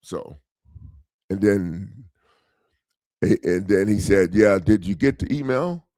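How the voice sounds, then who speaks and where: A middle-aged man, a legal self-help coach, telling a profane story in a lively, laughing way and acting out the people he quotes. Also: on the low side, slow, no echo. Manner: animated, profane, laughing, acts out quoted voices. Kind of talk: casual storytelling monologue.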